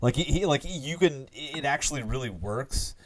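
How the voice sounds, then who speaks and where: A man's voice: mid-range voice, animated, moderate pace, a crowd in the background. A man co-hosting a casual comics podcast, rambling with lots of fillers and restarts. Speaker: podcast co-host. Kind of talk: casual chat.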